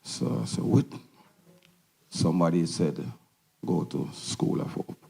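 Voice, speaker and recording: A man giving an emotional parent testimonial at a symposium, halting with simple phrasing. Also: sits low, animated, creaky, dark tone, slightly rough, rough recording. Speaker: parent speaker. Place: symposium hall.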